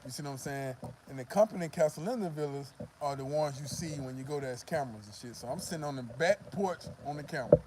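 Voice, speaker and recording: A man's voice: fairly high pitch, quick pace, few pauses, heavy background noise. A man vlogging, telling a profane, rambling story to the camera and filling it with "you know what I mean.".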